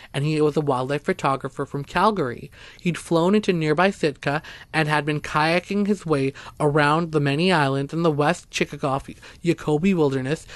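A man reading a first-person story aloud as narrator, in a steady, even storytelling manner. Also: on the high side, dry recording. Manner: steady, even storytelling, voicing quoted speakers.

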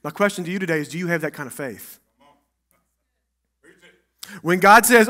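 A man preaching a sermon as pastor in a church, acting out Bible dialogue and swinging between loud and hushed. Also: sits high, normal speed.

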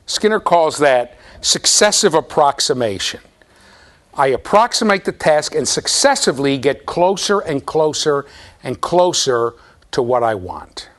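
Lively man lecturing a big class. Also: mid-range voice. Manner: animated, playful, talks straight to students. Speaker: university lecturer. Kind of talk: classroom lecture with live demonstration. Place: large lecture hall.

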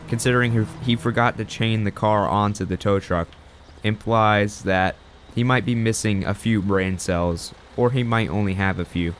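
A man's voice: lowish voice, slight background noise. A young man rambling through casual gameplay commentary, chatty and self-deprecating. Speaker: gaming channel host.

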